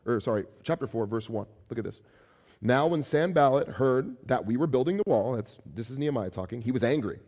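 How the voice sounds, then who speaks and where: A man preaching as pastor, animated, acting out taunts in a raised voice, with some restarts. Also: mid-range voice, big-room sound. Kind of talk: sermon.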